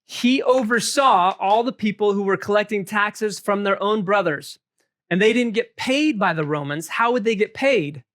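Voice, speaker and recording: A man leading a Bible study group, animated and joking, asking the room questions. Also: sits high, normal speed.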